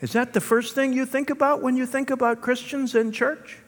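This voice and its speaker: A male pastor preaching a sermon with animated storytelling and rhetorical asides, in a church hall. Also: very high-pitched, moderate pace, hardly any pauses. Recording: long hall reverb.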